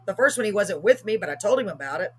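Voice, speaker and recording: A woman's voice: medium pitch, lively intonation, quick pace, slight background noise. A middle-aged woman, telling a story on a live talk show with emphatic, acted-out quotes. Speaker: host.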